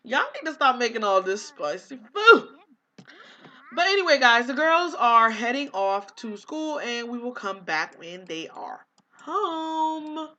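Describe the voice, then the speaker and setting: Young woman rambling over a sim game, bright kinda high voice, lots of likes and ums. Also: sing-song, a little slow. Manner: chatty, exasperated, lots of "like" and "um". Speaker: gaming vlogger. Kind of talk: casual life-sim gameplay commentary.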